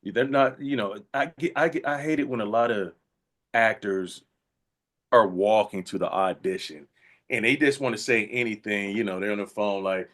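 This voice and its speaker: A man, an actor being interviewed, telling funny anecdotes in a casual, animated way, slipping into voiced quotes. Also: on the low side, normal speed. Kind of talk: casual storytelling.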